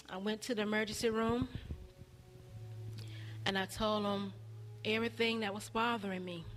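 A woman preaching a testimony sermon in a call-and-response style, repeating phrases and building up to shouts. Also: fairly high pitch.

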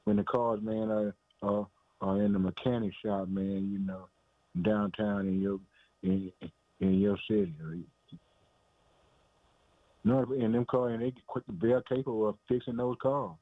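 A man's voice: on the low side, level tone, normal speed, no room sound. Male preacher, emphatic and repetitive sermon delivery, dry, tinny phone-line sound. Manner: repetitive, emphatic, calls listeners "man" and "boy".

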